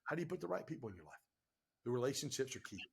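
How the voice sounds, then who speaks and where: A man telling stories on a podcast as the guest, animated and emphatic, with casual slang. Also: mid-range voice, racing, gravelly, slightly rough. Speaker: guest entrepreneur and speaker. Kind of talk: energetic podcast storytelling.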